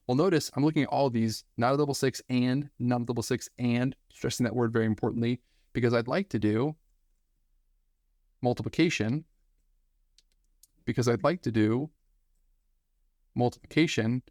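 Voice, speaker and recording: A man's voice: medium pitch, darkish tone, no room sound, clean studio sound. A man teaching a recorded statistics lesson, talking energetically and repeating phrases for emphasis.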